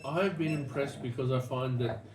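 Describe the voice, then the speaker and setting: A man's voice: medium pitch, moderate pace, crowd noise. A man with an Australian accent hosting a casual wine-tasting chat, rambling through stories with many restarts. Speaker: wine show host. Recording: echoey room, distant mic, noisy.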